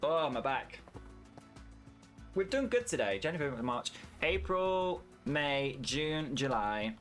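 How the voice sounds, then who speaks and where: A man's voice: a little high, big pitch swings, a little slow, a bit bright, soft background music. A British man with a British English accent, chatting casually and swearing freely while streaming a farming game and answering his chat. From United Kingdom.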